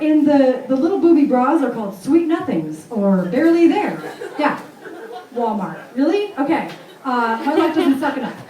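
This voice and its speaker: A woman's voice: fairly high pitch, a little mellow, reverberant, far from the mic, rough recording. A woman from Vermont in her thirties doing a brash, self-mocking stand-up set in a comedy club. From Vermont, USA.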